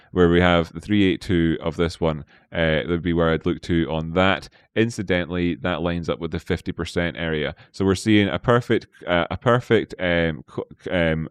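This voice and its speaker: A man's voice: deep voice, clean tone, no room sound. A man hosting a live market analysis stream, playful, chatting with viewers and talking to himself. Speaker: trading stream host.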